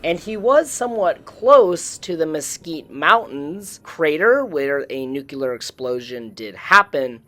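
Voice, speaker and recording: A host narrates a walkthrough of a game location in a relaxed, informative way. The voice sits at a middle pitch and keeps up a friendly commentary. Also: unhurried, hardly any pauses. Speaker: YouTube series host. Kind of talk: gameplay narration voice-over.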